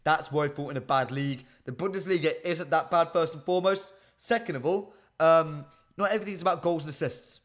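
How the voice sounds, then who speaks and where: Speaking fairly quickly in a fairly high voice, this man hosts an easygoing football live stream. He chats away to his viewers directly, with frequent ums throughout.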